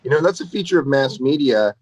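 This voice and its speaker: A man's voice: mid-range voice, expressive, brisk, no echo, muffled recording. A man co-hosting a casual talk show, musing thoughtfully with lots of fillers. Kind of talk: casual chat.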